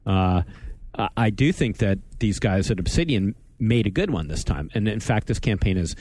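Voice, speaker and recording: On a dry recording, a gaming podcast host chats casually at normal speed in a lowish, expressive voice that is darkish and slightly rough. He tends to ramble wryly, frequently stopping and restarting what he's saying.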